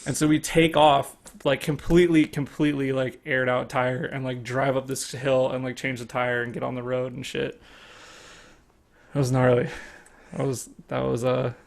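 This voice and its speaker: Gravelly young man telling a rambling story. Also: medium pitch, flat delivery, normal speed. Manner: rambling, lots of "like", swears freely. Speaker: podcast host. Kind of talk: casual storytelling chat.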